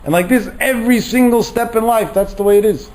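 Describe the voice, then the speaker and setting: A man's voice: sits high, brisk, poor audio. A middle-aged man giving a Torah lecture as a rabbi, telling stories and acting out the voices he quotes. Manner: animated, acts out quoted voices.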